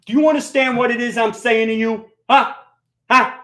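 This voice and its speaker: A man putting on a brash, pushy New York City tough guy with an exaggerated New York accent, rapid-fire and high. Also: fairly even intonation, bright, forceful tone. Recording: echoey room.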